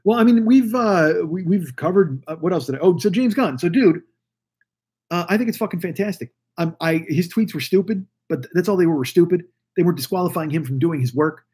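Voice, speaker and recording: A man's voice: high voice, expressive, fairly quick, darkish tone, breathy edge. A man in his forties rambling through a profane solo podcast rant, full of restarts and asides. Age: 40s. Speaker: podcast host. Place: Los Angeles.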